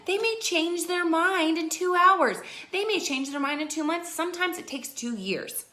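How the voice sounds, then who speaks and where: A young woman giving an energetic, emphatic motivational pep talk to her sales team, repeating her points for emphasis. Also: extremely high pitch, moderate pace, hardly any pauses. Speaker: direct-sales team leader.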